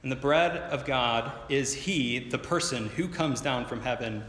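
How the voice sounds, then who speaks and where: A man preaches a sermon, explaining in an earnest tone and building up to emphatic points. His voice is forceful and bright. It rings out with long reverb from a big church hall. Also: mid-range voice, measured pace. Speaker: pastor.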